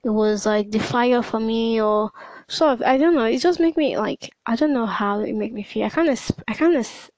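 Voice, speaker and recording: Hesitant woman with a high-pitched voice. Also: moderate pace, a little mellow, dry recording, rough recording. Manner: hesitant, many fillers and restarts. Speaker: podcast host. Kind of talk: casual spoken monologue.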